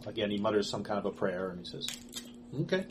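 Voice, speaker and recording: A man narrating a tabletop game as game master, relaxed and hesitant with many fillers. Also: on the low side, racing, noisy background.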